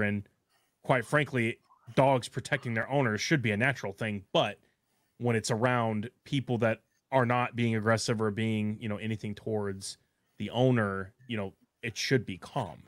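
A man's voice: mid-range voice, no echo, studio quality. A man hosting a podcast, asking long, loose questions full of fillers and restarts. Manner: asks long questions with fillers and self-corrections. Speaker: podcast host. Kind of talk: casual podcast chat.

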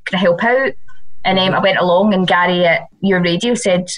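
A woman's voice: fairly low pitch, a little fast. A Scottish woman, a radio presenter, chatting casually as a guest, giggly and prone to slipping into put-on voices. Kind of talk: casual chat.

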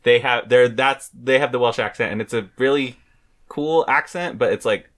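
A man's voice: medium pitch, moderate pace, a bit bright. Chatty laughing American podcast man. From United States. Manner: chatty, laughs often, trails off mid-thought. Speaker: podcast co-host. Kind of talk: casual chat.

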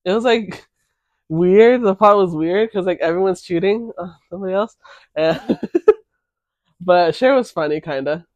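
A man co-hosting a casual podcast, chatting offhandedly about films with quick asides. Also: high voice, no echo, dull audio. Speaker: podcast co-host. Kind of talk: casual chat.

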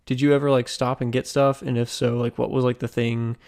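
A man's voice: mid-range voice, little pitch movement, brisk, gravelly, a little mellow. A young man co-hosting a podcast in casual chat, teasing and loose. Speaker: podcast co-host.

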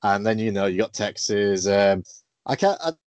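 A man's voice: fairly low pitch, moderate pace, dry recording, highs cut off. Hesitant man hosting an interview. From England. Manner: relaxed, hesitant, many fillers. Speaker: podcast host. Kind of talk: casual interview.

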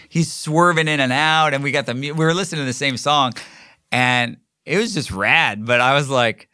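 A middle-aged podcast host, recording himself solo, tells a casual story in a rambling way, with many fillers and restarts. His medium-pitched voice is bright and forceful at a moderate pace, and the studio sound is clean, with no echo.

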